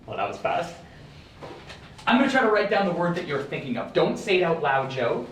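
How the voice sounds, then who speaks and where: A young man performing a magic act for a live audience, playful and showy, rising to excited shouts. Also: on the high side, a little fast, a little hiss or hum. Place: residential building elevator lobby. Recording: echoey room, heard from a distance.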